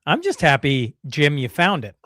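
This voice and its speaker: A man hosting a casual morning podcast, teasing his co-host with quick, lively asides. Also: on the high side, no echo. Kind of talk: casual morning show chat.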